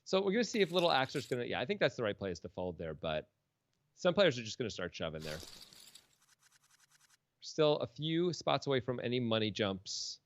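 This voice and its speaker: Animated man joking through poker commentary. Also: medium pitch, fairly quick. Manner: joking, rambling banter with frequent laughs. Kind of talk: casual live-stream commentary.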